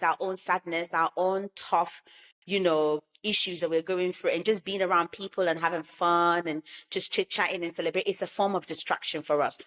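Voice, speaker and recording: A woman chats on a podcast in a fairly low voice. She talks emphatically and repeats key words for stress. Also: a bit bright. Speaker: podcast co-host. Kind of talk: casual chat.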